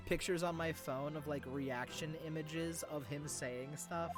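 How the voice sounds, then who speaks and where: A man's voice: a little high, steady tone, unhurried. A man streaming a video game, making laughing, chatty asides between reading the lines. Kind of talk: let's play commentary. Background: game music.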